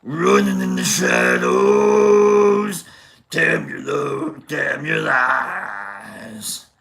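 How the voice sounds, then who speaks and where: Cookie Monster, gravelly. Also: male voice, fairly high pitch, very animated, fairly bright tone, exaggerated voice. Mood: growling ballad. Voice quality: gravelly growl. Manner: slow, drawn-out crooning. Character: gruff furry blue male monster singing.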